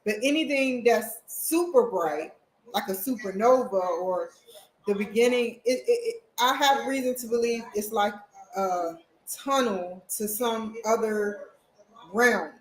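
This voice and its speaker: A woman's voice: a little high, measured pace. Chatty woman vlogger talking at home; roomy sound, light hiss behind. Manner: rambling, chatty, talks straight to viewers. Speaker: vlogger, college student. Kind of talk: casual chat to camera. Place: at home, indoors.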